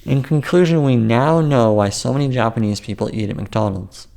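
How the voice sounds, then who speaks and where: A man's voice: medium pitch, normal speed, gravelly, a little mellow. A man narrating his own memoir as an audiobook, casual and joking, with wry asides.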